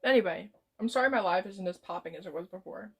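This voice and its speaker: A woman's voice: medium pitch, quick pace, breathy edge. A woman live streamer rambling in casual chat as she talks to her viewers. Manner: rambling, chatting with chat, drifting off-topic.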